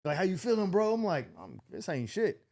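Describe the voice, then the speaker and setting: A young man telling a wild story in casual chat, animated, swearing freely and acting out the other people's lines. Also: brisk, gravelly. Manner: animated, acts out quotes with big pitch jumps, swears freely. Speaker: podcast host.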